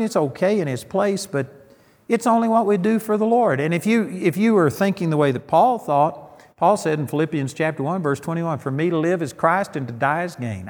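A man's voice: high-pitched, big-room sound. A middle-aged man preaching a sermon, telling folksy stories and landing emphatic punchlines.

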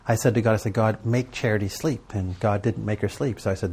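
A man's voice: fairly low pitch, fairly even intonation, fairly quick, a little mellow, husky. A middle-aged man giving a sermon to a live audience, telling stories and asking rhetorical questions in a conversational way. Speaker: preacher teaching on prayer and journaling.

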